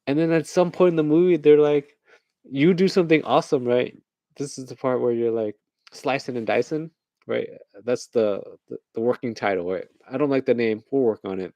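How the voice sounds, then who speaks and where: A man's voice: medium pitch, brisk, darkish tone, no room sound. A man hosting a late-night casual rant, rambling along, laughing at his own jokes and acting out little voices. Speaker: host.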